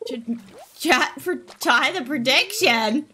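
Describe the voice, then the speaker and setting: A young woman live-streams a game, chatting playfully with her viewers and reacting with gasps, giggles and silly sounds. Her high voice is expressive, pushed and bright, she takes her time, and there's slight background noise.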